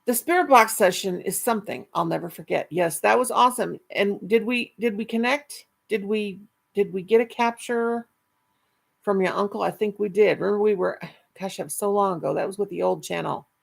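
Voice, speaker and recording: Gravelly-voiced woman chatting on a live stream. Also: medium pitch, a little fast. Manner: chatty, affectionate, rambling with restarts. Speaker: channel host reading live chat. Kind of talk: casual live-stream chat.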